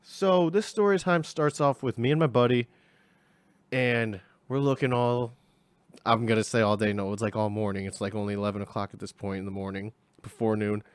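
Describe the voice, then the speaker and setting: A man's voice: lowish voice, steady tone, normal speed, smooth, no echo. A young man telling a casual story, rambling and slangy, acting out the people in it. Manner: rambling, slangy, acts out voices.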